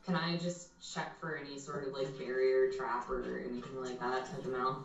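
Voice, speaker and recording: A man's voice: mid-range voice, level tone, normal speed, slight background noise. A man playing a tabletop game, hesitant and asking questions. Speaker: player. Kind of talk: casual tabletop play. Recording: dull, distant, very echoey.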